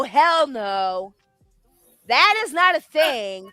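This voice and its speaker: Lady host on a late night live, loud swearing rant, bouncy high voice, dry sound. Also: normal speed, no room sound, faint music behind. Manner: loud, animated ranting, cursing, laughing. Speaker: livestream host. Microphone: home streaming setup.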